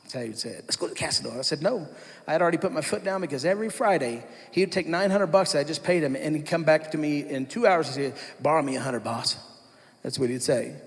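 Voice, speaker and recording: A man's voice: fairly high pitch, fast. A man, likely in his thirties, telling his personal testimony in a conversational storytelling way, with restarts and asides. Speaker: speaker giving a testimony. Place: church hall. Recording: long reverb of a large hall.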